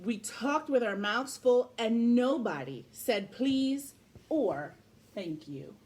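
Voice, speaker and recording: A woman reads a picture book aloud to children, her voice on the higher side and full of movement. She tells the story expressively, bringing each page to life. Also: expressive, takes it slowly, a little mellow. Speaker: parent reading aloud.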